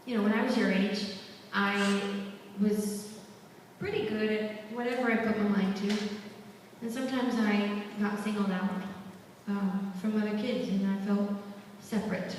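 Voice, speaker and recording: A young woman giving a motivational talk to students at a school, telling her story in a lively, chatty way with asides to the crowd. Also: medium pitch, unhurried, a little hiss or hum. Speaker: guest speaker at a school. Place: school hall. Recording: echoey hall from far off.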